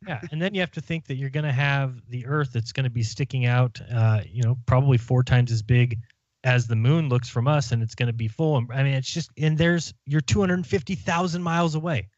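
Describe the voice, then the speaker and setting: A man hosting a casual podcast chat, musing in a relaxed way. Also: medium pitch, brisk, no room sound, highs cut off. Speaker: podcast host.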